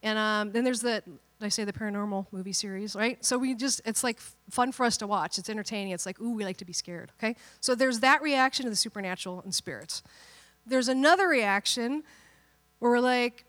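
A woman pastor preaching a sermon in a playful, animated way, acting out quotes and joking with the congregation. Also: a little high, brisk.

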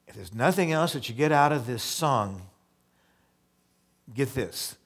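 A male pastor preaching, reading scripture slowly and then explaining it in a casual, conversational way, often repeating words as he goes. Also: fairly low pitch, lively intonation, breathy edge. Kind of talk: sermon.

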